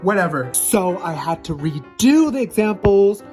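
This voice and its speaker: A woman's voice: lowish voice, sing-song, unhurried, a little mellow, faint music behind. Brash, profane young woman vlogger. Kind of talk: casual explainer vlog.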